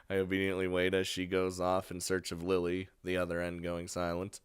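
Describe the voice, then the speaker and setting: A man's voice: low voice, completely flat delivery, moderate pace, smooth, no echo, studio quality. A man reading a visual novel aloud with casual, profane commentary. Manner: casual, swears, laughs between lines. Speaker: let's play reader.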